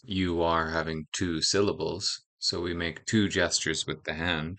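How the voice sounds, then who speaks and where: A man narrating instructional guidance for teaching, speaking in a calm, explanatory way. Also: low-pitched. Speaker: teacher trainer.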